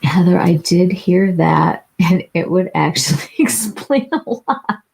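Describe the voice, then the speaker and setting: A woman's voice: fairly low pitch, animated, slow pace, vocal fry, a little mellow, husky. A woman hosting a casual beauty livestream, chatting with viewers, answering them by name with lots of fillers and restarts. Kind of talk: casual live chat reading viewer comments.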